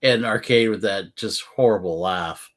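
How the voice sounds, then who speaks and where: A man's voice: fairly low pitch, a little slow. A male guest in a casual comic book discussion, enthusiastic and opinionated.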